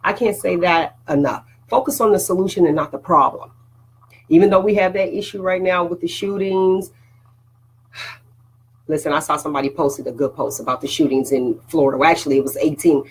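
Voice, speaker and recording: Husky woman giving a motivational talk. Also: low-pitched, normal speed, rough recording. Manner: preachy, conversational, repeats "all right?". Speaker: host. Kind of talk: motivational live talk to viewers.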